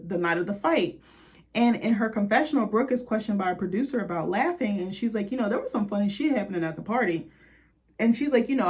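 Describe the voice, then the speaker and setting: A young woman hosting a casual reality TV recap, sassy and profane, with quick asides to her viewers. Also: mid-range voice. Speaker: recap host.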